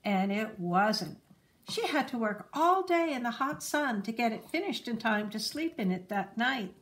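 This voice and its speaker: A woman reading a children's picture book aloud in a gentle, lively storytelling manner. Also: fairly high pitch, a little slow.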